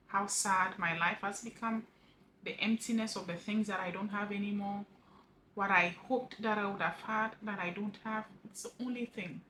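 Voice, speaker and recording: A grieving widow talking earnestly to camera in a personal vlog, halting and repeating words, her voice dropping soft at the ends of phrases. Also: mid-range voice, a little hiss or hum, low-quality recording. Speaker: vlogger sharing a personal story. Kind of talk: heartfelt personal vlog monologue.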